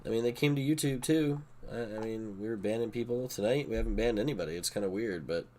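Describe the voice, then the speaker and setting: Deep-voiced man rambling on a stream. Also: fast, a little hiss or hum. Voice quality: profane, rambling, excitable. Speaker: poker streamer. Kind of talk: casual live-stream chat.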